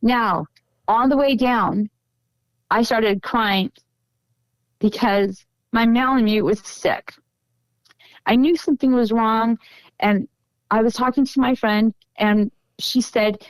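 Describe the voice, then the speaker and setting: Female interview guest, earnest and emotional storyteller, clear voice, dry close sound. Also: fairly high pitch, unhurried, long pauses, no room sound, rough recording. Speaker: podcast guest.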